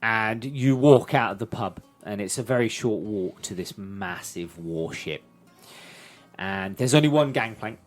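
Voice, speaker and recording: A man's voice: fairly low pitch, expressive, measured pace, faint music behind. A man narrating a tabletop role-playing game as game master.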